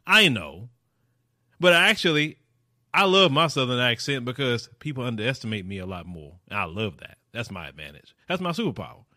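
A man's voice: medium pitch, big pitch swings, fairly quick, sharp tone, no room sound, studio quality. A man from the American South giving emphatic, casual commentary as he reacts to a debate clip and talks straight to his viewers.

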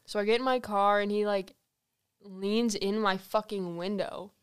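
A woman's voice: medium pitch, a little slow, smooth. A woman guest on a podcast, telling a story with frequent swearing in a casual chat. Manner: lively, swears freely, laughs while telling. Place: host's home studio.

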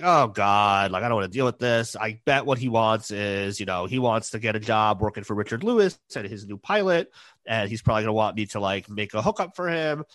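A man's voice: fairly low pitch, a bit bright, dry recording. A man co-hosting a podcast, hesitantly retelling scenes of a TV episode in casual chat. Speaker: podcast co-host.

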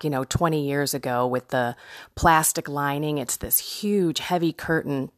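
A woman podcast host telling a personal story in a chatty, animated way, laughing now and then. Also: low voice, dry recording, clean studio sound.

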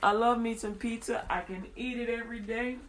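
Woman, Christian radio host, slow drawn-out prayers, chatty, laughs often. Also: on the high side, fairly even intonation, a little hiss or hum.

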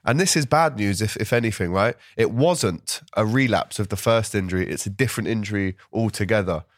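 A man from with a slightly hoarse voice, hosting a casual football podcast and reading out viewer comments. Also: lowish voice, a little fast, dry recording, clean studio sound. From London. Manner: chatty, reads out viewer comments. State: hoarse from a cold. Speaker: host.

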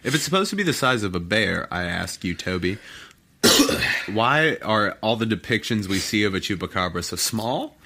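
A man co-hosting a laid-back podcast, his voice sitting on the low side. He reads from his notes haltingly, pausing and restarting over tricky words. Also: sing-song, sharp tone. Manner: halting, stumbles over words when reading. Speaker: podcast co-host. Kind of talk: casual chat, reading notes aloud.

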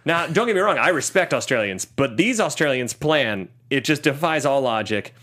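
A man's voice: mid-range voice, animated, normal speed, pushed and bright. A man casually recapping a movie with a friend, swearing and acting out characters' lines. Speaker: podcast co-host.

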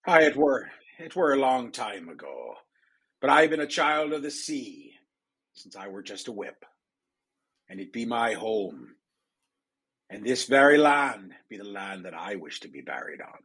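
A man voicing a sly, ruthless male pirate captain in old pirate dialect, husky and raised in pitch. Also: big pitch swings, unhurried, fairly bright tone, full character voice. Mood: wistful. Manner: pirate dialect, drops verbs into "be" and "were".

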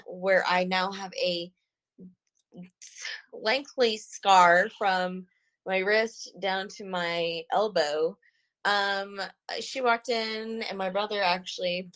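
Slow, halting young woman. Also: lowish voice, poor audio. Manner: halting, soft-spoken, with many pauses and fillers. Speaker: guest sharing her story. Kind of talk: personal testimony.

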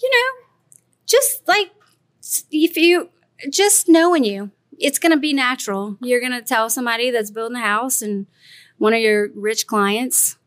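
A woman's voice: fairly high pitch, lively intonation, measured pace, no echo, clean studio sound. A woman in her forties from Louisiana with a Cajun accent, chatting and laughing as a podcast guest, calling herself sassy. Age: 40s. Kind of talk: casual interview chat.

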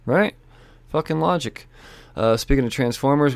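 A man chatting loosely about the week's new comics, cursing and cracking jokes as he rambles. His voice has a gravelly, fry-laden texture at a middle pitch. The sound is dry and close, with no room echo. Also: big pitch swings, normal speed. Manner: rambling, profane and joking. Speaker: comic book shop owner reviewing weekly releases. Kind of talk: casual solo chat about new releases.

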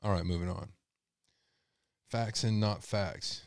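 A low-pitched man hosts a true-crime podcast with a sarcastic, restless edge. He talks straight to his listeners, jumping from point to point. The sound is dry and close, with no room around him. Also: steady tone, moderate pace, long pauses, dry recording. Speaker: podcast host. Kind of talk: casual true-crime commentary.

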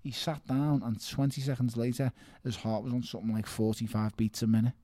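A man's voice: mid-range voice, flat delivery, brisk, warm tone, no room sound. A man, talking emphatically in a casual interview, repeating himself and calling people mate. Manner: emphatic, repeats words, calls listener mate. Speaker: professional boxer, guest.

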